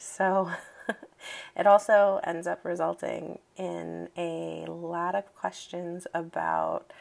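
A woman's voice: lowish voice, gravelly. A young adult woman from Boston with a Boston accent, talking in a chatty, wry way with many ums and light laughs as she records a casual accent-challenge vlog. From Boston, Massachusetts.

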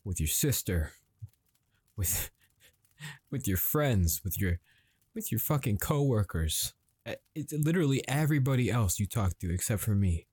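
A man's voice: lowish voice, lively intonation, husky, no echo. A man playing a frustrated, swearing husband. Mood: angry. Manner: halting, swearing, escalating to yelling. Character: frustrated husband arguing with his wife at dinner. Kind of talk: improvised dramatic monologue.

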